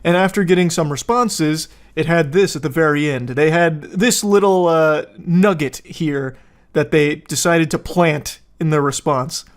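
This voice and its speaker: Male commentary host in his 30s, dry sardonic delivery with crude jokes, slightly raised pitch. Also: unhurried. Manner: sardonic, profane, jokey asides. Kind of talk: casual commentary.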